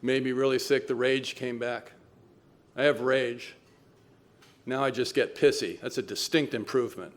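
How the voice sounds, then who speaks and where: A man's voice: mid-range voice, fairly even intonation, moderate pace, long pauses, a little hiss or hum. A man in his seventies giving a personal talk at a recovery meeting, telling his story in a wry, self-mocking way. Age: 70s.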